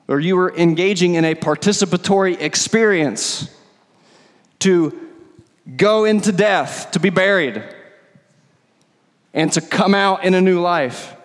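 A man's voice: sits high, measured pace, long pauses. A man preaching a sermon as pastor, conversational and emphatic, often repeating words for stress. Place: church sanctuary. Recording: long hall reverb.

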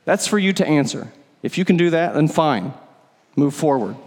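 With long hall reverb around him in the church sanctuary, a male pastor delivers his sermon in a voice on the high side, a little mellow, with lively intonation and normal pacing. He keeps it conversational yet emphatic, repeating words to drive points home.

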